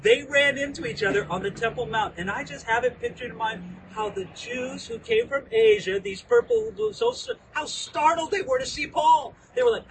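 A man preaching a sermon outdoors at a historic site, lively and animated, acting out the voices of the people in his story. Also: very high voice, normal speed. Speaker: pastor. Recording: distant mic with outdoor noise.

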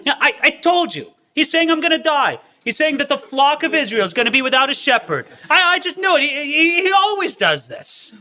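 A preacher plays a whiny, indignant king who complains in a high, strained voice. The tone stays bright and pushed. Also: sing-song, brisk, few pauses, heavily acted. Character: petulant, angry male king.

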